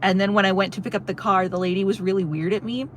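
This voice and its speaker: A young woman streams from her car on a road trip, chatting casually with her viewers at a middling pitch. She tells a rambling story and laughs often. A faint hum of noise sits under her voice. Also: steady tone, rapid-fire. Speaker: livestreamer reading chat. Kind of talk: casual chat.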